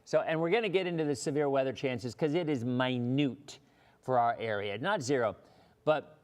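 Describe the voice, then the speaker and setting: A man's voice: mid-range voice, lively intonation, normal speed, long pauses, a little mellow. A middle-aged man from Florida, a weather broadcaster hosting a casual livestream and chatting in a rambling way. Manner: rambling, chatty, with frequent restarts. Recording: long hall reverb.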